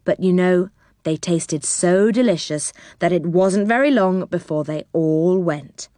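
A woman reading a children's storybook aloud, gentle and expressive. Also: fairly low pitch, a little slow, dry recording, studio quality.

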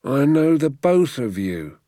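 A hard, bony gamekeeper snarling threats in a raised, louder voice pitched well above the reader's own, as a male narrator puts him on. He sneers and drawls his words slowly, in a dry, close storybook recording. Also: sing-song, no echo. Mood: menacing. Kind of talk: audiobook character voice.

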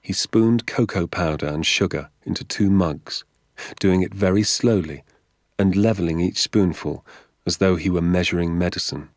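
A man reading a storybook aloud as narrator, measured and expressive. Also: deep voice, no echo, clean studio sound. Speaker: audiobook narrator.

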